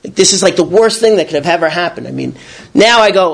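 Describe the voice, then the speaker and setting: A man with a notably high-pitched voice tells a personal story about his recovery. He rambles, stumbles into restarts and repeats his words, and brings the tale alive by acting out his own shouting. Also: animated, fast talker, gravelly.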